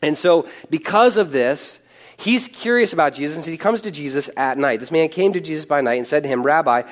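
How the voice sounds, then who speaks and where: A man preaching a conversational sermon on a Bible passage, animated and casual, with quick asides and chuckles. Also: on the high side.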